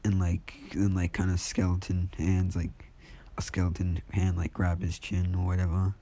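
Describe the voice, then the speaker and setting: A man rambles through a casual fan story, packed with fillers. His voice is low, dark and husky, and he speaks in an unhurried, offhand way. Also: monotone. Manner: rambling, heavy use of fillers.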